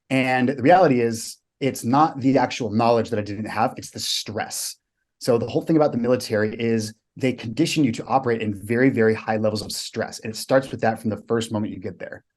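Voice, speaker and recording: A man's voice: mid-range voice, fast talker, darkish tone. A man, a guest on a podcast, telling stories vividly and emphatically, with blunt swearing. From United States. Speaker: guest, coach to clients. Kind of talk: storytelling in a podcast interview.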